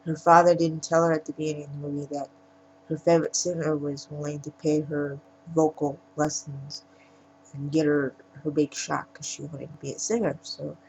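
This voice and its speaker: A woman's voice: deep voice, little pitch movement, moderate pace, a little hiss or hum, poor audio. A woman giving a casual, rambling spoken plot recap as a film reviewer. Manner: rambling retelling with frequent restarts.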